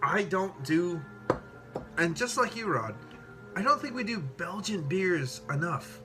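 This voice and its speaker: A man tasting and reviewing beer in a casual vlog, excitable and rambling, swearing freely and a bit tipsy after several beers. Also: sits high, unhurried. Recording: music playing clearly behind the voice.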